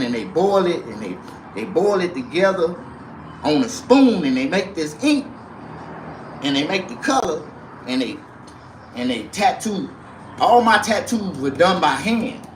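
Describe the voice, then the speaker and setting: A man rambling on a livestream about tattoos, his shirt and a rap feud, out of breath, with loud bursts and mumbled asides. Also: on the high side, a little hiss or hum. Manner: rambling and animated, swinging between loud outbursts and mumbling. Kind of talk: casual livestream rant.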